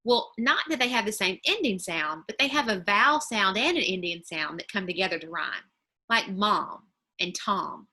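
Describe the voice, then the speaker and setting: A woman teacher talks parents through an online lesson, explaining each idea step by step and slowing right down on the example words. Her voice is bright and clear at a middle pitch, picked up by a computer mic. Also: big pitch swings. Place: home or office, screen-shared video.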